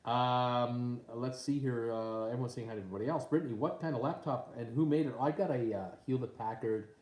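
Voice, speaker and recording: A man's voice: medium pitch, fairly even intonation, brisk, darkish tone. Man reading live chat in an echoey room. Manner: reads viewer comments aloud with many fillers. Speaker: live-stream host. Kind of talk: casual live-stream chat. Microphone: tablet mic.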